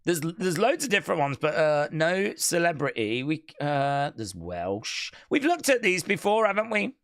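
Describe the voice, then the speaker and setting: Lively, chatty stream host. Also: medium pitch, normal speed. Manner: chatty, playful, reads chat comments aloud. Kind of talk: casual watch-along chat.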